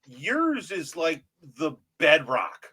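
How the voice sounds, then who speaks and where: A man hosting a casual podcast chat, brash, loud and profane. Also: fairly high pitch, huge pitch swings, slow pace, slightly rough. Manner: brash, loud, profane, self-described big personality. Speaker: podcast host.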